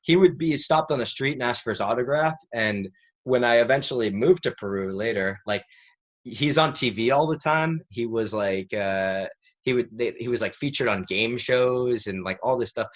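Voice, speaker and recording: A man's voice: medium pitch, normal speed. A man in his thirties, a podcast guest telling a rambling story in casual interview talk, peppered with "like". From United States. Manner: rambling, animated storyteller who fills with "like".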